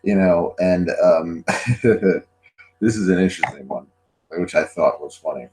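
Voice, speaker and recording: A man's voice: low-pitched, unhurried, noisy background. A man hosting a casual chat, telling a story animatedly and acting out quotes with laughter. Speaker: podcast host.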